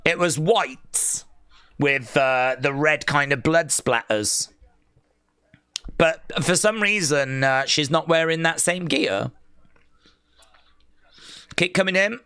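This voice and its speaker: Excitable man reacting to wrestling live. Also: fairly high pitch, slow pace, pauses often, clear, resonant tone, dry recording. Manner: excitable, jokey play-by-play, reads chat aloud. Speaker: wrestling watch-along streamer.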